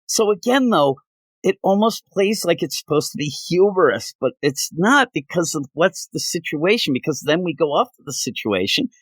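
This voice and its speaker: A man reviewing comic books in casual chat, animated and acting out quotes in funny voices. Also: fairly high pitch, moderate pace, no echo.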